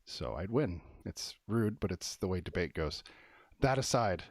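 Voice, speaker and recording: A man with a low voice hosts a casual movie talk stream. He rambles quickly, full of "um" and "anyway." The sound is dry and close. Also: expressive, no echo. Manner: talks fast, thinks out loud, lots of "um" and "anyway". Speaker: host of a movie review stream. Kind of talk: casual live-stream chat.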